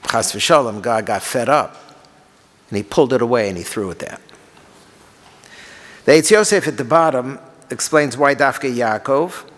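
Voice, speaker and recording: A man teaching as a rabbi, reading Hebrew lines and explaining them, moving between quiet explanation and passionate pleading cries. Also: mid-range voice. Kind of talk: Torah lecture on liturgical laments. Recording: long hall reverb.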